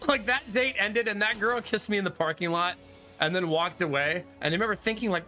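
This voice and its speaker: Talking with his live-stream chat during a card game, a man in his thirties laughs frequently. He speaks a little fast in a high, pushed, bright voice, with faint game music behind him.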